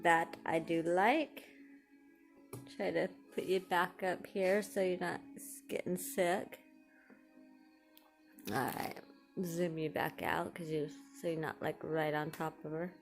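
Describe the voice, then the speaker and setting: A woman, chatting excitedly to viewers while unboxing craft supplies. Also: lowish voice, takes it slowly, creaky, pauses often, faint music behind. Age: 40s. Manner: gushing, excitable, talks to viewers. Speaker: crafting vlogger. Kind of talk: casual unboxing commentary.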